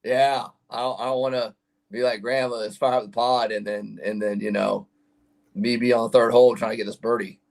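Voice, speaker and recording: A man's voice: mid-range voice, flat delivery, fairly quick, creaky, a little mellow. A man co-hosting a sports podcast, talking in a laid-back, slangy way. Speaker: sports podcast co-host and radio host. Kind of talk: casual sports talk.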